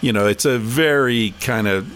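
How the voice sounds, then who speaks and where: A man's voice: mid-range voice, normal speed, fairly bright tone, a little hiss or hum. A man hosting a podcast conversation, casual and thinking aloud with plenty of fillers. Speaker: podcast host.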